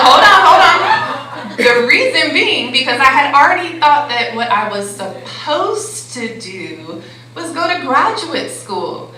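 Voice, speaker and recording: A woman's voice: on the high side, pushed and bright. A woman life coach giving a motivational talk to a live audience. She speaks conversationally and keeps checking in with the crowd. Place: conference hall. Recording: very echoey hall with faint background noise.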